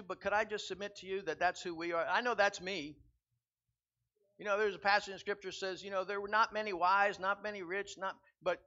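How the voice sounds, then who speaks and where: A man preaching a sermon as pastor, building from quiet reflection to loud, emphatic repetition. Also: high voice. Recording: dull lo-fi sound.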